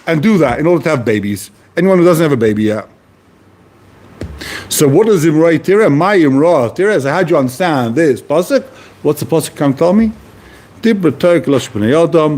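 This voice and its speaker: A man lecturing on a classic text in a lively, question-driven way. His voice sits a bit high and is husky, and it leaps up and down as he presses a point. He often repeats key phrases and restarts sentences as he builds an argument. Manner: poses questions to the listener and answers them. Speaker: Talmud teacher.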